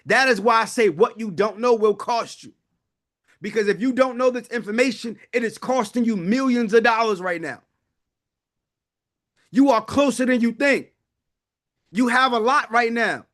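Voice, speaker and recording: Very high-pitched and fairly bright, this man's voice moves at a moderate pace with frequent pauses. He runs a wealth-building webinar as a live sales pitch, preaching fervently and addressing his audience directly.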